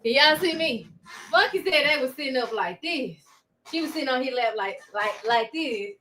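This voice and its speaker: Laughing, animated high-pitched woman. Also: brisk. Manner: loud laughing, animated, talks to viewers. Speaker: commentary host. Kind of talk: live reaction commentary. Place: at home.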